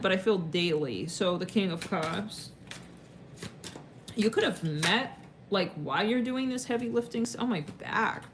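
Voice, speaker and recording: A woman's voice: fairly low pitch, slight background noise. A woman giving a casual tarot reading, rambling and slangy, with lots of filler words and casual swearing. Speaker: tarot reader.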